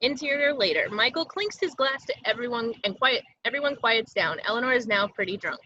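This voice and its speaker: A woman reading stage directions in a plain, even way over a video call. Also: fairly high pitch, brisk, dull audio, slight background noise.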